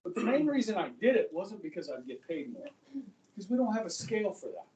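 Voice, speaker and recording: A middle-aged man teaching a high school history class, chatting and joking, often checking in with his students. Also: big pitch swings, fast, darkish tone, slight background noise. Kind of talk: classroom lecture. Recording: echoey classroom, voice from far off.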